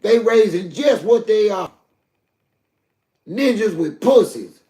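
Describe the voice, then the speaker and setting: This is emotional live stream talk from an older Southern US man addressing his chat heatedly and directly. He speaks slowly in a high, mellow voice with lively intonation, and the room is echoey.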